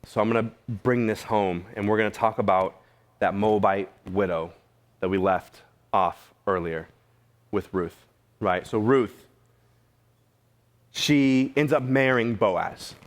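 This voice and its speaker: A man's voice: fairly low pitch, slow, long pauses. A man preaching a sermon in a church, casual and conversational, with slang and repeated questions to the room. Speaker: pastor. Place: church sanctuary.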